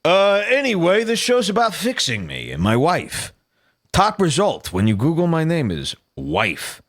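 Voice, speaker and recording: A man's voice: fairly high pitch, wildly swooping pitch, unhurried, fairly bright tone. A man hosting a podcast, giving casual, mocking commentary over a clip and laughing often. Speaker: podcast host.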